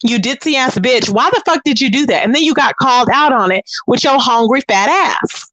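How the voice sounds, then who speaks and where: A woman's voice: high voice, animated, fairly quick, fairly bright tone, no room sound. A woman hosting a livestream, ranting with profane, scornful trash talk and sassy asides to her viewers. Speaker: livestream host.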